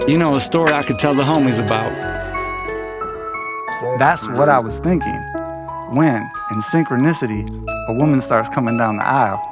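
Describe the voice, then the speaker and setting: A man telling a personal story in loose, slangy, animated casual talk, slipping into quoted voices. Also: a little high.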